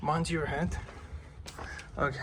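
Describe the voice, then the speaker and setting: A man's voice: on the high side, little pitch movement, slow, noisy background. A man narrating a casual walking tour vlog, talking to viewers with many hesitant fillers, recorded on a handheld phone. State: breathing heavily while climbing. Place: old fort, indoors and out.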